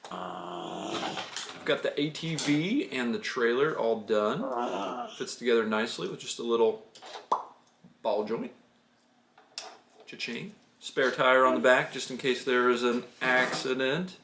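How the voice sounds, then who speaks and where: A man's voice: mid-range voice, slow pace, vocal fry, long pauses, fairly bright tone. A man, a father hosting a LEGO build video, chatting upbeat and teasing with his young son at home. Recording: echoey room with background noise.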